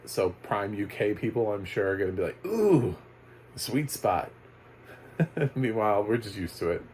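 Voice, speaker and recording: A man with a fairly low voice chats through a casual video review of a film. He rambles, restarts his sentences and chuckles between his thoughts. Faint noise sits under the recording. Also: normal speed, rough recording. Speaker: movie reviewer.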